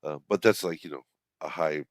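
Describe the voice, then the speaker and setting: A man chatting on a podcast in a measured way, with hesitant fillers. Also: a bass voice, dry recording, studio quality. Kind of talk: casual podcast banter.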